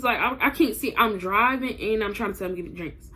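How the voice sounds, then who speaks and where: A woman's voice: mid-range voice, fairly quick, a bit bright, slightly rough. A young woman telling a personal story to her viewers in a casual vlog, blunt and profane, talking straight to camera.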